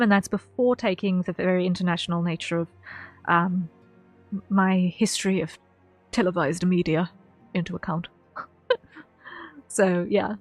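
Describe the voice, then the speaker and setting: A woman streamer talks casually to her viewers at the end of a session. Her speech rambles, circling back on words and filling gaps with ums, while quiet music plays underneath. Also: medium pitch. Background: faint background music.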